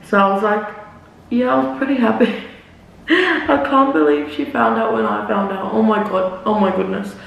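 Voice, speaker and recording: Animated and creaky, a young woman's medium-pitched voice moves at a moderate pace as she rambles through a storytime while applying makeup, swearing and using "like" and "literally" a lot. The vlogger faces away from the camera in an echoey room; the recording is muffled with roomy echo from a far-off mic.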